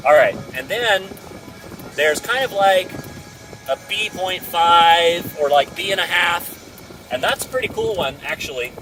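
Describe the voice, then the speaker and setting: A man's voice: sits high, lively intonation, a little slow, distant mic, over music, low-quality recording. A man talking through a business idea in a loose, thinking-aloud way, often restarting his sentences. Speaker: speaker sharing a business idea. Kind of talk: casual thinking-aloud monologue.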